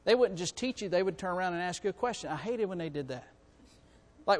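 A male preacher delivering an impassioned, repetitive sermon that swings from quiet to loud. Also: a little high, fast, big-room sound.

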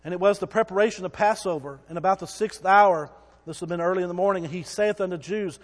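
A man preaching a sermon, retelling the story with drama and shouting out the crowd's cries. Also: sits high, fast talker, long reverb tail.

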